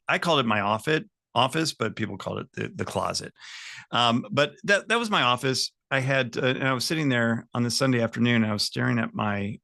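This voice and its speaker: A man's voice: mid-range voice, vocal fry, bright, forceful tone, dry recording, clean studio sound. A man in his fifties, a sales coach, telling a personal story in a training talk, chuckling often and speaking straight to his audience.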